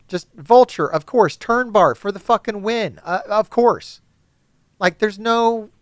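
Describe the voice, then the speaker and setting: A man giving casual gameplay commentary to his chat, swearing often and ranting excitedly about characters. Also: high-pitched, no room sound. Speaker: gaming YouTuber.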